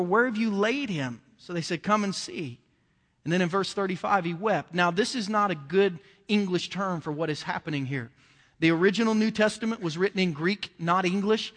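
A man's voice: high-pitched, a bit bright. Preaching man in an echoing hall. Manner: conversational preaching with rising emotional emphasis. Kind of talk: sermon.

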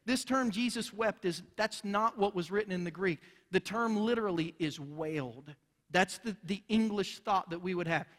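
High-voiced preacher in a reverberant hall. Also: male voice, animated, moderate pace, a bit bright. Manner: earnest, emphatic preaching with rising intensity. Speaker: pastor. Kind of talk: sermon. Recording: long reverb of a large hall.

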